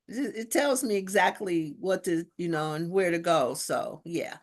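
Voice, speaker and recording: A guest minister with a fairly low voice takes her time as she chats casually, using slangy, spiritual talk. She's an animated storyteller who acts out the voices of the people in her stories.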